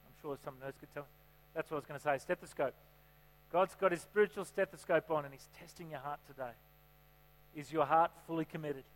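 A man's voice: a little high, fairly even intonation, a little fast. A man preaching a sermon in a church, chatty and joking, often asking the congregation questions. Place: church hall. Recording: reverberant hall with mains hum.

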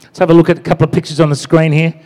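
A man's voice: on the high side, little pitch movement, rapid-fire, a little mellow. A man preaching a sermon in a conversational way, with lots of "you know" and "amen?" asides. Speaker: pastor. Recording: long hall reverb.

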